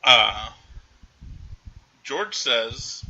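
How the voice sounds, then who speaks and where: A man hosts a casual podcast, recapping a film in a rambling way and quoting characters as he goes. His voice is very bright and edgy. The recording sounds dull and lo-fi. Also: mid-range voice, expressive, normal speed. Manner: rambling retelling full of quoted lines. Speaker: podcast host.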